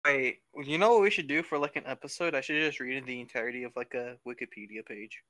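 Casting note: young male podcast host, giggly and teasing, bright tone, dry close sound. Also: mid-range voice, fast, dry recording. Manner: giggly, teasing, breaks into laughter. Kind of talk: casual chat.

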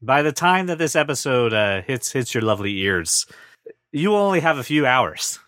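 A man's voice: mid-range voice, normal speed, dry recording, studio quality. A man hosting a podcast, chatting casually and joking with his co-hosts. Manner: playful, jokey, lively delivery. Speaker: podcast host. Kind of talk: casual chat.

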